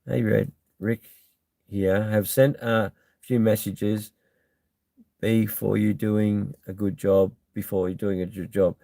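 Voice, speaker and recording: A man's voice: on the low side, little pitch movement, takes it slowly, vocal fry, dark tone, no echo. An Australian man hosting a live stream, chatting casually and bluntly as he reads out and answers viewer comments, with lots of ums.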